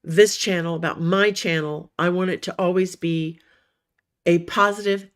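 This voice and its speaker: A woman with a somewhat low voice hosts a relaxed livestream for fellow writers. She chats warmly and encouragingly, calling her viewers honey and sweetie. A nagging cough keeps cutting into her talk. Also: moderate pace, clean tone. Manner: chatty and encouraging. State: coughing now and then. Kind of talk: casual livestream chat.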